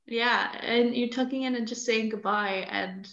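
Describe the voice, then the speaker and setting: A woman's voice: a little high, steady tone, unhurried, fairly bright tone. A young woman in a casual podcast chat, chatty and gushing, with lots of fillers. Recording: dull, echoey room sound.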